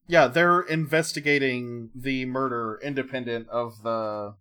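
A man's voice: mid-range voice, fairly even intonation, a little slow, pushed and bright. A man co-hosting a podcast, casually recapping an episode and filling in details in an easygoing way. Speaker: podcast co-host.

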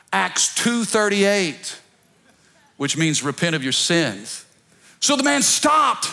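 A man pastor preaching a sermon to his church, calling on the congregation to repeat after him and swinging between soft pleading and loud shouts. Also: a little high. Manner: preaching with call-and-response, rising to shouts. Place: church service.

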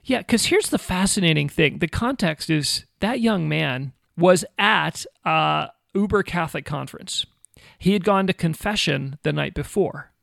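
A man in his forties with a rough, gravelly voice that sits fairly high for a man. He tells his story casually and animatedly, full of "like"s and self-mocking asides. The sound is close and dry. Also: lively intonation, measured pace, fairly bright tone, dry recording. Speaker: guest, former missionary. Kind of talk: personal storytelling interview.

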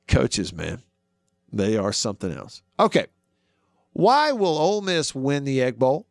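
A man's voice: medium pitch, a little slow, creaky, pauses often, dry recording, studio quality. A man hosting a sports talk radio show, arguing his points and asking listeners questions. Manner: animated, argues with himself, asks listeners questions.

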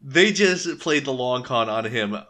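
A man's voice: mid-range voice, lively intonation, a little slow, sharp tone. A man co-hosting a podcast, recapping an anime in casual chat with a wry, sarcastic edge and free swearing. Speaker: podcast co-host.

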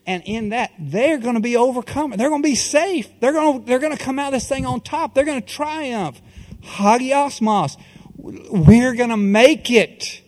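High-voiced guy preaching, folksy and pumped up like a coach, big echo from the church hall. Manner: animated, folksy preaching with coach-style pep talk. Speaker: pastor. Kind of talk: sermon. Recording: long hall reverb.

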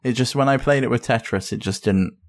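A British man chats casually as co-host of a gaming podcast. His voice sits at an ordinary middle pitch. He is talkative and pokes fun at himself. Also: fairly quick. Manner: chatty, self-deprecating.

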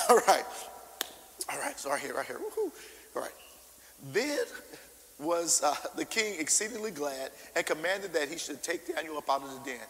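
A man preaching a sermon, informal and animated, acting out scripture and calling out to the congregation. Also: fairly high pitch, in a large hall, low-quality recording. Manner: animated, acts out scripture with shouted character voices; informal, call-and-response preaching.

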